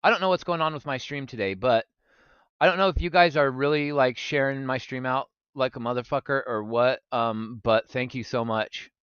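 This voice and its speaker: A man's voice: mid-range voice, moderate pace, clean tone, no echo, lo-fi sound. A young man streaming live, chatting casually with his viewers and swearing freely. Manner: animated, swearing, talks to chat. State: recovering from gallstones.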